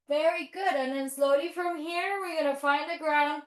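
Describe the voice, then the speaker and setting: A woman's voice: high-pitched, steady tone, moderate pace, hardly any pauses, echoey room, poor audio. A woman teaching yoga teachers, cueing poses with encouragement and playful animal sounds for children. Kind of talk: instructional yoga demonstration.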